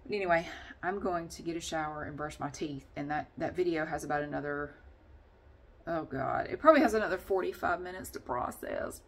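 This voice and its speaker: A woman's voice: sits low, brisk. Chatty, rambling woman vlogger. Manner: chatty, rambling, laughs often. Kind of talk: casual vlog chat.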